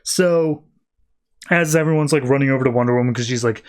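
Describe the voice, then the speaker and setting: A man's voice: mid-range voice, a little fast. A man hosting a podcast, recapping comics in a rambling, slangy way and acting out the characters' lines. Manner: rambling, slangy, acts out quotes. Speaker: podcast host. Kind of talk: casual comic book recap.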